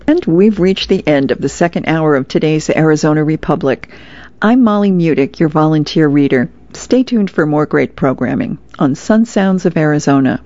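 A woman's voice: deep voice, warm tone, dry recording. A woman volunteer reader chatting her way through newspaper comic strips on the radio. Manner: chatty, with small laughs. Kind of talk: reading comics aloud on radio. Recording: dull lo-fi radio sound.

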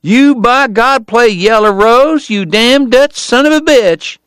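An audiobook narrator voicing a drunk, violent young Texan cowboy, yelling slow, drawn-out threats. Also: male voice, extremely high pitch, clear, resonant tone, no room sound, clean studio sound, voice pushed up, heavily acted. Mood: furious. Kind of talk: audiobook character voice.

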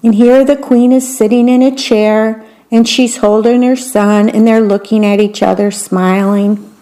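Storyteller, woman, slow, fairly high voice, wry. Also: steady tone, warm tone. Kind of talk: reading a fairytale aloud.

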